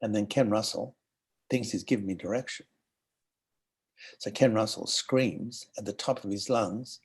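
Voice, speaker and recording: An older Australian man telling animated anecdotes as an interview guest, acting out the voices of people he quotes. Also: fairly low pitch, unhurried, long pauses, husky. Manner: animated storyteller who acts out quoted voices. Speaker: guest actor.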